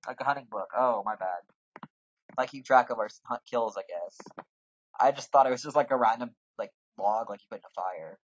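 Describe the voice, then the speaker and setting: Reading quest lines in put-on voices, this man offers casual let's-play commentary on a role-playing game. He speaks quickly at medium pitch, and the recording sounds muffled.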